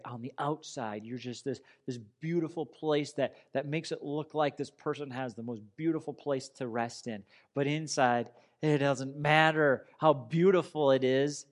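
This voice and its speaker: A man preaching a sermon in an earnest, conversational way, telling a personal story. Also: medium pitch. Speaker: pastor.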